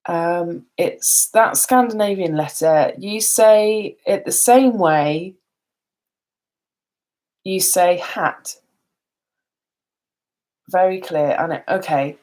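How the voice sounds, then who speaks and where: Tired woman vlogger rambling on a live stream, lowish voice, laughs a lot. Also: takes it slowly, hardly any pauses, a little mellow. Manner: chatty and rambling, laughs often. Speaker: beauty vlogger. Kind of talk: casual live stream chat.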